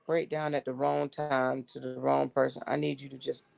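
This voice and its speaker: A woman's voice: extremely low pitch, level tone, moderate pace, gravelly, hardly any pauses, a little mellow. A woman hosting a casual livestream, reading text messages aloud to her viewers in an exasperated, blunt way and swearing freely. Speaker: livestream host.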